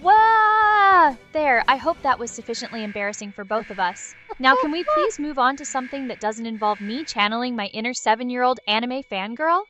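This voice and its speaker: A synthetic woman's voice bantering as an AI companion. She is sarcastic and witty, with high, lively intonation, and faint music sits behind her. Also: a little fast, hardly any pauses, dull audio. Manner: sarcastic, witty, mock-exasperated.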